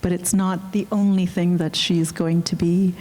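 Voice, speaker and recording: A woman speaking as a film director on a panel, earnest and halting, with frequent restarts. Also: on the low side, level tone, mellow. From Canada. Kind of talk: reflective panel talk. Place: auditorium.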